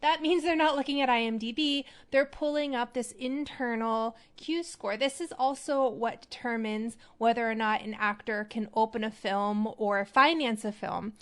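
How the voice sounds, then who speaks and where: A woman hosting an acting advice show, talking in a chatty, animated way. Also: on the high side, normal speed, few pauses, smooth. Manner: chatty, animated, demonstrates voices. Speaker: podcast host.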